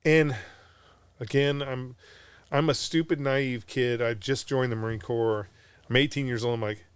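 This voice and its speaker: A man's voice: mid-range voice, measured pace, clean tone, dry recording. Profane, blunt middle-aged man telling war stories. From Southern California. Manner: profane, blunt, animated with frequent restarts. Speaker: podcast host, Marine veteran. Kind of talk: casual storytelling. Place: podcast studio.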